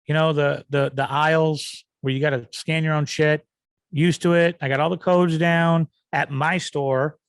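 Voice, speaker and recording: A man's voice: on the high side, little pitch movement, measured pace, clear, resonant tone, no room sound. A man hosting a podcast, rambling through a comic rant. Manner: ranting, rambling, acts out yelling. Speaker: podcast host. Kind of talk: comedic rant.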